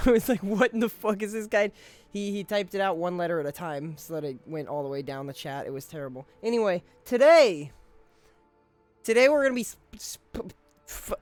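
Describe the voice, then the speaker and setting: A man's voice: high-pitched, dry recording. A man streaming a video game, chatting casually to his viewers in a rambling, profane way, often cutting himself off and chuckling.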